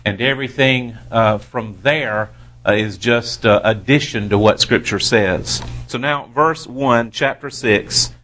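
Male Bible teacher, unhurried delivery, mid-range voice, deliberate emphasis when reading verses. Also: medium pitch, sharp tone. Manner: slow, deliberate, reads scripture with careful emphasis.

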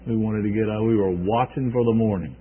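A man preaching a sermon, retelling scripture in a conversational way with halting restarts. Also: lowish voice, slightly rough. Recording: tinny phone-like recording.

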